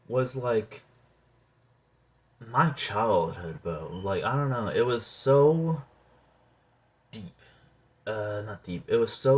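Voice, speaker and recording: A man in casual rambling talk as a movie reviewer, animated, swearing often and trailing off with fillers. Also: lowish voice.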